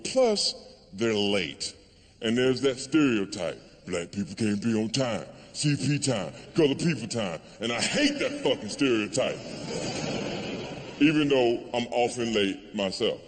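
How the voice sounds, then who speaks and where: A man's voice: mid-range voice, expressive, measured pace. Profane Southern man doing stand-up. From Georgia, US. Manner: profane, wry, acts out the characters. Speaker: stand-up comedian. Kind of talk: live stand-up storytelling. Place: large theater stage. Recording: long hall reverb, faint room noise.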